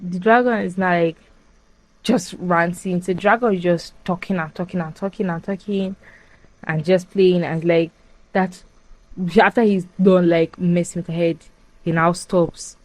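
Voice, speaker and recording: A young woman casually retelling a film plot as a podcast host, animated and full of fillers. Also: lowish voice, unhurried, no room sound, low-quality recording. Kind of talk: casual chat.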